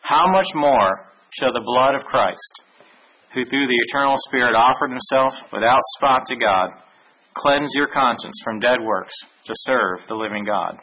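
A man giving a Bible lesson, reading verses aloud in a measured way with small restarts. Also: medium pitch, sharp tone, breathy edge, low-quality recording. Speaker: Bible teacher. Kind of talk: sermon with scripture reading.

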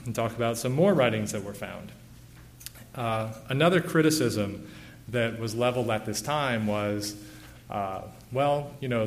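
A man in his thirties giving an informal illustrated lecture, relaxed, with many "uh" and "you know" fillers. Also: mid-range voice, slight background noise.

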